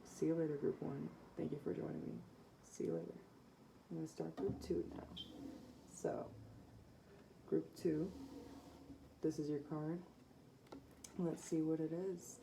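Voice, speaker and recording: A woman's voice: low voice, level tone, unhurried, creaky, long pauses, background noise. A woman giving a casual, rambling psychic tarot reading to her viewers, with many fillers. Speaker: tarot reader.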